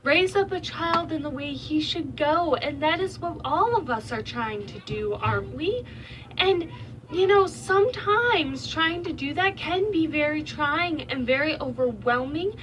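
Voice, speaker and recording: A woman's voice: high voice, expressive, a little slow, fairly bright tone. A young mother of five sharing a heartfelt, faith-filled vlog from her bedroom, talking earnestly and with emotion. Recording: voice slightly distant from mic.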